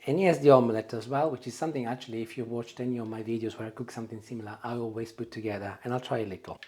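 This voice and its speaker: A man hosting a casual cooking demonstration at home, chatting warmly and pausing often with "uh" fillers. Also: mid-range voice, steady tone. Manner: warm, chatty, hesitant with frequent "uh" fillers. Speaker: cooking show host. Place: home kitchen. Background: food sizzling in a frying pan.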